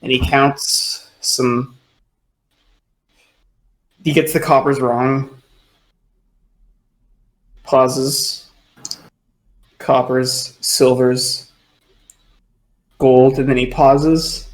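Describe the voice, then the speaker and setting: A man at mid pitch narrating a tabletop role-playing game as its game master. He talks in loose, rambling stretches full of fillers like "sort of" and "like". His delivery is casual and conversational. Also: flat delivery, very slow, long pauses, poor audio.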